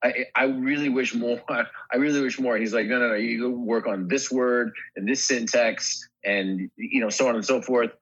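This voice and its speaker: Husky guy actor in an interview, keeps restarting sentences, kinda dull lo-fi sound. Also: medium pitch, fairly even intonation, fairly bright tone. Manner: halting, many restarts and fillers. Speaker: actor guest. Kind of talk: casual interview chat.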